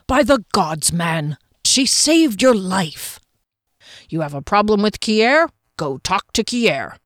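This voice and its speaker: A woman voicing a gruff, blunt male dwarf who speaks plainly. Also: medium pitch, very animated, takes it slowly, dry recording, clean studio sound. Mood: insistent.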